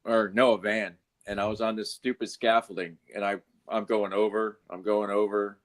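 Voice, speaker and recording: A man's voice: on the low side, little pitch movement, moderate pace. A man in casual chat, telling profane work anecdotes with laughter.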